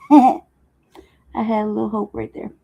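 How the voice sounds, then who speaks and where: A woman's voice: fairly high pitch, steady tone, unhurried, vocal fry, mellow. A woman hosting a casual commentary chat, laughing often and talking in loose slang. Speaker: host. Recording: dull lo-fi sound.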